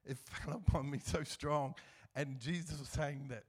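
A man's voice: on the high side, fairly even intonation, unhurried, a little mellow, husky. Man, middle-aged, guest speaker, church testimony, earnest, emotional storytelling.

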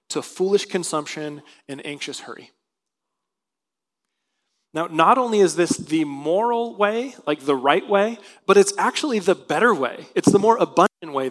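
A male pastor preaching a sermon, reading scripture aloud and explaining it earnestly. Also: a little high. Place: church sanctuary.

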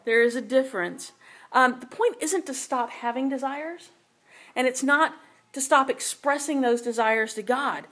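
A woman's voice: high-pitched, a bit bright. A woman teaching a sermon in a conversational way, often checking in with her listeners. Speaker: Bible teacher.

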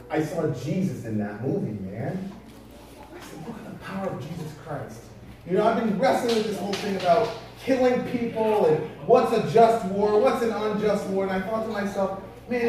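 A man's voice: high-pitched, a little mellow, slight background noise. A man preaching a sermon in a conversational storytelling way, firing rhetorical questions at his listeners. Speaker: pastor. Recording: very echoey hall from far off.

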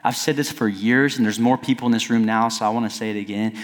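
A middle-aged male pastor preaching a sermon in a conversational style, at times climbing to near-shouting. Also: on the low side, fairly even intonation, quick pace. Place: church sanctuary. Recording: long reverb of a church hall.

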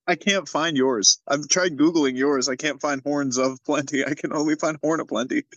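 A man's voice: on the high side, a bit bright, dry recording. Laughing man on a lo-fi call. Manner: laughing often, swearing, storytelling. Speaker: podcast co-host. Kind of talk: casual chat over a video call. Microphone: video call.

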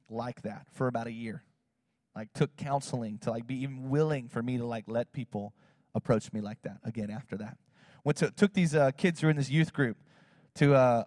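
A man, a pastor, telling a personal story in a sermon, animated and acting out what people said. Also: mid-range voice, studio quality. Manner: animated, acts out quotes in other voices, fillers like "like" and "you know". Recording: long hall reverb.

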